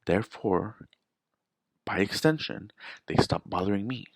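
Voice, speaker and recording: Low gravelly man rambling on camera. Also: animated, a little slow, no echo. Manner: rambling, restarts, emphatic rhetorical questions. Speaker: vlogger. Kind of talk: casual storytelling monologue.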